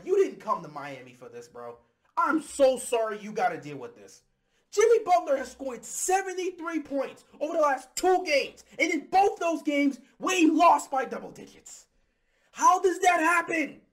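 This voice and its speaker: Furious high-voiced man ranting about basketball. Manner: heated, exasperated, shouting bursts. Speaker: sports commentator. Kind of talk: angry fan rant.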